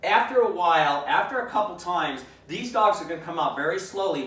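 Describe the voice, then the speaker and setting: A man giving a dog-training lesson, explaining calmly and acting out commands aloud. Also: high voice, a little fast, slight background noise. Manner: calm, demonstrates commands aloud. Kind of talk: instructional demonstration. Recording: echoey room, mic at a distance.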